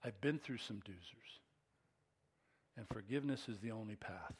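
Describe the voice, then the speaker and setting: A middle-aged man preaching a sermon as pastor, swinging between hushed asides and emphatic, excited peaks. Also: on the low side, normal speed, husky.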